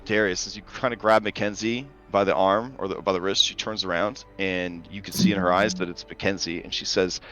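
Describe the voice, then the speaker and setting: A man with a low but bright, forceful voice narrates a tabletop horror game. He describes scenes plainly and shifts easily into banter, with faint music playing behind him. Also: fairly even intonation, brisk, hardly any pauses, highs cut off. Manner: descriptive, slips into character voices. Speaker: game master.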